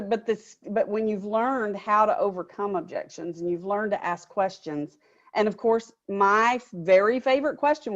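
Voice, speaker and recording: A woman, a new home sales trainer, chatting in an animated, storytelling way. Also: mid-range voice. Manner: chatty, animated storyteller who acts out customers. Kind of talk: conversational sales coaching talk. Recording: slightly dull, muffled audio.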